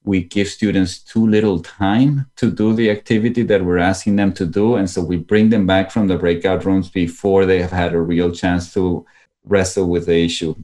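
Interviewed as an educator in a conversational setting, a man explains things thoughtfully and sometimes restarts his sentences. His voice is low and mellow, with a steady tone and moderate pace.

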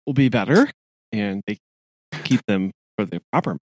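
A man's voice: on the low side, expressive, normal speed. A man co-hosting a podcast, chatting casually with short supportive reactions and jokes. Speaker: podcast co-host. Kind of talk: casual chat.

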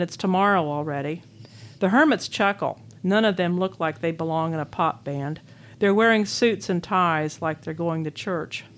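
An older woman from Illinois, reading her own memoir essay aloud as a guest, in a wistful, wry storytelling manner. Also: on the low side. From Illinois, USA. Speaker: author and guest.

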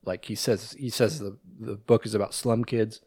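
Guy on a podcast walking through a movie plot, lowish voice, dry close sound, lots of ums. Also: steady tone, normal speed, warm tone, breathy edge, dry recording. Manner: retells scenes with many ums and restarts. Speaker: podcast co-host. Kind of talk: casual movie discussion.

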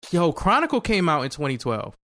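A man's voice: a little high, huge pitch swings, brisk, a bit bright, dry recording, clean studio sound. A man, talking films with friends. He is blunt, profane and enthusiastic, in casual podcast banter. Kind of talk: casual chat.

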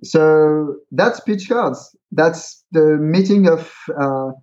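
A man takes his time speaking in a fairly high, somewhat mellow voice, hesitating often with fillers and restarts as he gives examples. He designed a pitching card game and is chatting as an interview guest over dull, lo-fi audio.

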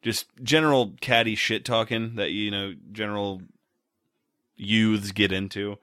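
Wry low-voiced man recapping a movie. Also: fairly even intonation, a little slow, bright, forceful tone, no room sound, studio quality. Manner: profane, laid-back, wry. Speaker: podcast co-host. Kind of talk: casual movie recap chat.

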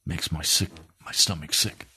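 A man's voice: low-pitched, moderate pace, sharp tone, slightly rough. A man preaching a sermon, emphatic and repeating phrases for weight.

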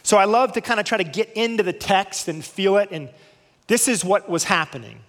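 High-voiced man preaching in a reverberant hall. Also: animated, a bit bright. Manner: storytelling with dramatic slowdowns on key words. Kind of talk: sermon.

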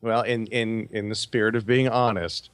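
A man in his forties, a podcast co-host, telling a story in a halting, self-correcting way. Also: on the low side, steady tone, clear, resonant tone, dry recording. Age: 40s. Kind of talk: casual chat.

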